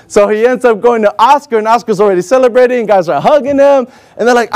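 A man with a fairly high voice recounts a personal story to an audience. He tells it with energy and jumps into the voices of the people he quotes. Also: fast, few pauses. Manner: animated, acts out other people's lines in raised voices. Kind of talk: personal anecdote told to an audience.

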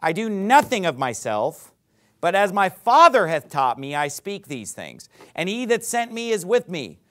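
A man, a pastor, preaching a sermon and reading scripture aloud. He talks emphatically, repeats his points, and builds to loud peaks. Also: high voice, very animated, measured pace. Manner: reads scripture aloud in King James wording.

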